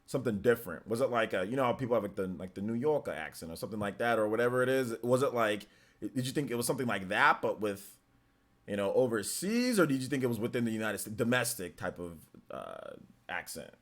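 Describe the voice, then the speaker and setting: A man's voice: mid-range voice, animated, quick pace. A young adult man with a light Northern Californian accent, hosting a live stream and chatting casually through viewer comments with lots of fillers. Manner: rambling, filler-heavy, easygoing. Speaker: livestream host.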